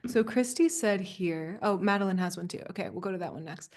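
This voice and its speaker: Earnest soft-spoken woman coach. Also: on the low side, brisk. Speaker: spiritual coach leading a group session. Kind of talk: live community coaching session.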